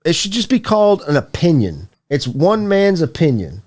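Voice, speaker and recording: A man's voice: on the high side, wildly swooping pitch, moderate pace, darkish tone. A young man co-hosting a casual podcast, ranting with lots of profanity. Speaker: podcast co-host. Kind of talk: casual stoner chat.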